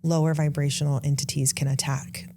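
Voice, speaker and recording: A woman in her thirties hosting a podcast, telling an emotional personal story with rushes and halting restarts. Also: low-pitched, little pitch movement, dark tone, slight background noise. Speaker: podcast host. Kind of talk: casual conversation.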